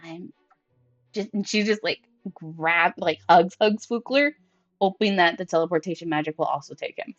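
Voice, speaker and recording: A woman's voice: on the low side, moderate pace. A woman playing in a tabletop game, talking casually and animatedly. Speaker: player. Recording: dry dull lo-fi recording with faint music.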